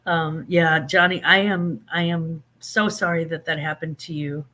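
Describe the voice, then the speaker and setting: A man hosting a casual livestream, chatting animatedly with viewers and reading out their comments. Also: fairly high pitch. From Saint Louis. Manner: animated, chatty, drawn-out emphatic phrases. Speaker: livestream host.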